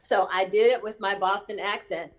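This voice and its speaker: A woman talking in a relaxed, conversational way, spinning an anecdote. Her pitch sits in the middle range. She slips into other people's voices as she quotes them. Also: moderate pace. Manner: animated, acts out quoted voices. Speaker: actress. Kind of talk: casual storytelling chat.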